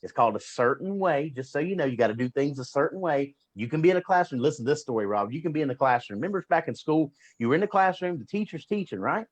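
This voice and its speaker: A man hosting a motivational show, talking in a rapid, upbeat, promotional way. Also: a little high, animated. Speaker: host. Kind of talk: motivational talk.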